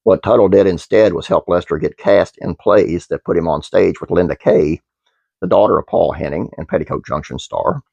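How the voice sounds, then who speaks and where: A man's voice: low voice, normal speed, vocal fry, mellow, breathy edge, no echo, lo-fi sound. A man hosting his own channel, reading a trivia script aloud with fillers and restarts, then chatting casually to viewers. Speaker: channel host.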